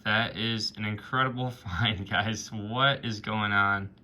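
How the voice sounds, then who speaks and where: A man narrating his own coin hunting video in a casual, excited way, often calling out to viewers as "guys". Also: lowish voice, slow pace. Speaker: coin roll hunting vlogger.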